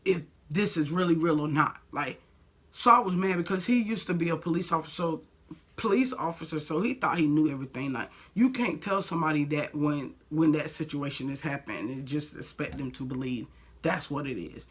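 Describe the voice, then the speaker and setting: A young woman vlogger tells a personal story in a blunt, heated storytime vlog full of "like" and swearing. Her deep voice is brisk and slightly rough.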